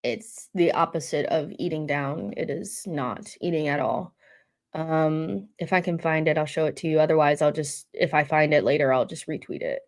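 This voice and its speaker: A young woman with a low voice hosts a casual football live stream. She reads out viewer comments and teases them back in a chatty, offhand way. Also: normal speed.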